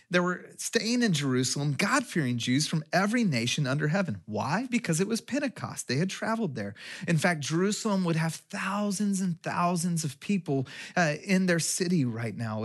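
Man from Texas, sermon, conversational preaching, rhetorical questions, slightly high voice. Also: expressive, moderate pace. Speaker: pastor.

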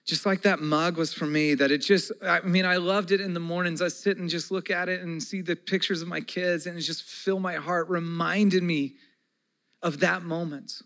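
In poor audio, a pastor in his forties with a high-sitting voice gives a conversational sermon that alternates between soft, slow moments and loud, excited ones.

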